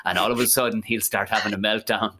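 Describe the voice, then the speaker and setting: A podcast co-host, telling stories in a sweary, mocking, animated way. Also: mid-range voice, quick pace, a little hiss or hum. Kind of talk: casual chat.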